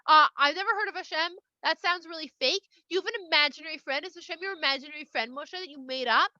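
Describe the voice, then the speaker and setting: A woman's voice: high voice, fast, bright, forceful tone, no room sound, lo-fi sound. Pharaoh, a sneering mocking king, put on by a woman. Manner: mocking, sarcastic. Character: Pharaoh, a scoffing, dismissive king.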